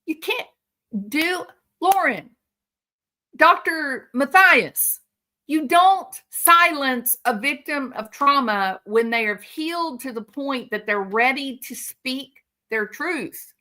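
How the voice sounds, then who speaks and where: A woman's voice: high-pitched, lively intonation, slow pace, pushed and bright. A woman hosting a commentary stream, talking outraged and sarcastic and speaking straight to the person she criticizes. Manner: outraged, sarcastic, addresses her subject directly. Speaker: commentary channel host. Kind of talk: indignant commentary monologue.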